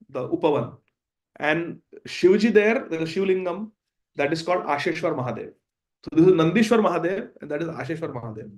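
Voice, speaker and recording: High-voiced man telling a devotional story. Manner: animated, vivid retelling, chuckles. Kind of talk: storytelling sermon.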